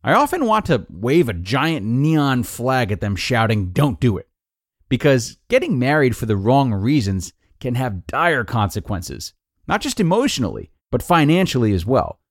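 Male podcast host and narrator, animated reading voice, dry close-miked sound. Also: medium pitch, normal speed, no echo. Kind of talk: reading a blog post aloud.

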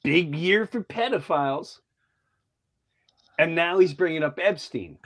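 A man's voice: a little high, a little slow, fairly bright tone. A man co-hosting a casual talk show, speaking animatedly and mimicking other people's voices. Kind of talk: casual conspiracy chat.

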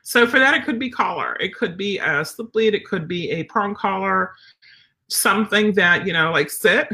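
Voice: mid-range voice, normal speed, gravelly. A dog trainer chatting casually on a live stream, answering viewer comments and acting out little dialogues. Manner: animated, chatty, acts out dialogues.

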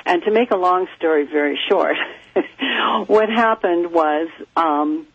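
Raspy, gravelly woman guest; animated storyteller, muffled phone line. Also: lowish voice, slow, dry recording. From California, USA. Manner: animated, lively storyteller who acts out quoted voices. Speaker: psychic guest. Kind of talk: storytelling in a phone-in radio interview. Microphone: telephone.

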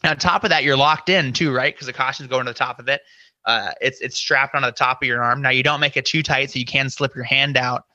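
Bright-voiced man telling a rambling story. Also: medium pitch, fairly even intonation, quick pace, dry recording. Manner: rambling, full of "you know" and acted-out inner quotes. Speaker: podcast guest, scare actor. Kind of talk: casual interview storytelling.

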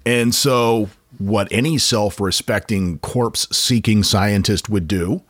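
A man's voice: takes it slowly, no echo, clean studio sound. A man with a Maine accent chatting as a podcast co-host, telling stories and slipping into comic voices. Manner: lively storyteller, slips into high-pitched character voices. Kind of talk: casual chat.

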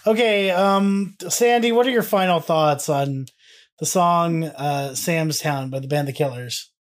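A man's voice: on the high side, a little slow. Goofy rambling man co-hosting a podcast. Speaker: podcast co-host. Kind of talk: casual podcast chat.

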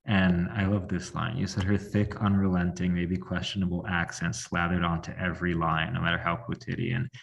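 Deep gravelly male podcast host. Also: moderate pace, hardly any pauses, distant mic. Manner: casual, lots of filler "like", animated opinions. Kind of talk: casual conversational chat.

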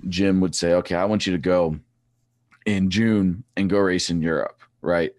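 A man in his forties, a former track cyclist, chatting as a podcast guest and telling rambling, animated stories with many restarts. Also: deep voice, moderate pace, no echo, studio quality. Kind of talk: casual chat.

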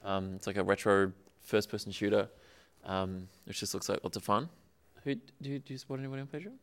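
A man's voice: on the low side, quick pace. A man hosting a panel show. He talks hesitantly with frequent ums while reading out questions and names. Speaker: host.

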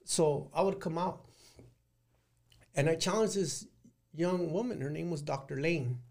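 Gravelly middle-aged man telling his story. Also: fairly high pitch, a little slow, darkish tone. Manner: plain-spoken, rambling, with frequent restarts and "like". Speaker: guest recounting prison life. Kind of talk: casual storytelling interview.

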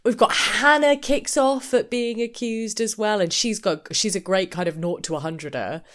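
A woman's voice: medium pitch, normal speed. A woman co-hosting a podcast, chatting casually and acting out the people she quotes. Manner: animated storyteller who acts out quoted people. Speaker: podcast co-host. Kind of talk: casual chat.

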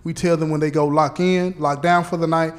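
A man playing a parole officer who explains things slowly and deliberately, checking in often with "okay?" and "right?". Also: on the high side, fairly even intonation, close to an everyday voice. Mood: explaining. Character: patient male parole officer briefing a relative.

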